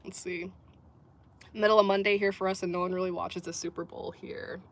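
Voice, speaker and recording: A woman's voice: on the low side, little pitch movement, a little fast. Woman streaming live from a sports bar, casual chatty vibe, laughs a lot, reads comments out. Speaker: livestream host. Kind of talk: casual livestream chat.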